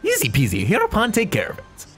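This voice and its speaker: A man's voice: high voice, huge pitch swings, fast talker, a bit bright, soft background music, pitched above the performer's own voice, heavily acted. A man voicing a small, boastful male creature hero who talks in broken, childlike sentences. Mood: chirpy. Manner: broken childlike speech, bouncy. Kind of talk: reading game dialogue in voices.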